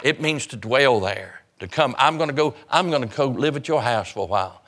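A man's voice: medium pitch, lively intonation, fairly quick, a bit bright. A man preaching an evangelistic sermon, urgent and fervent, hammering home repeated phrases.

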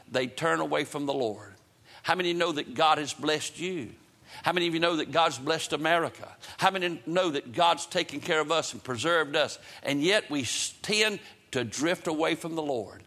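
A man's voice: fairly high pitch, expressive, moderate pace, bright, forceful tone. A man preaching a fervent sermon in a church, repeating phrases for emphasis and leading a prayer. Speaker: pastor. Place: church sanctuary, broadcast on radio and internet.

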